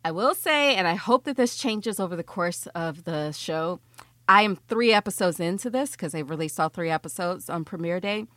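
A woman co-hosting a podcast in casual chat, animated and emphatic, blunt and profane, often laughing as she talks. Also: fairly low pitch, moderate pace, no echo. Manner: laughs often while talking. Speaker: podcast co-host.

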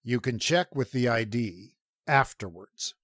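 Brief: male reader doing a curt space officer, harsh, mid-pitched, dry sound. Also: expressive, a little slow, a bit bright, no room sound.

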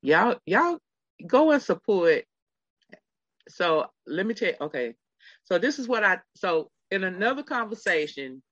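A middle-aged podcast host spins a story at an easy, unhurried pace, talking straight to the listeners. The voice sounds bright and forward. The sound is dry and close, a little dull and lo-fi. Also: mid-range voice, no room sound. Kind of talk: casual podcast chat.

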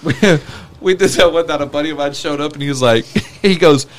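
High-voiced man laughing through stories. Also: a little fast, a little hiss or hum. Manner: laughing, relaxed yarn-spinner. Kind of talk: casual storytelling chat.

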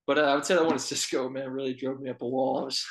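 A man's voice: mid-range voice, rapid-fire, rough recording. A young man, an assistant college baseball coach, telling stories casually in an interview with many fillers. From Texas. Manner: storytelling, relaxed, many fillers.

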